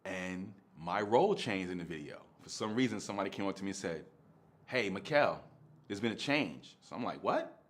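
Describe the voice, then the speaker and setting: A man's voice: low voice, expressive, brisk. A man, telling a story in casual, slangy street talk and laughing often.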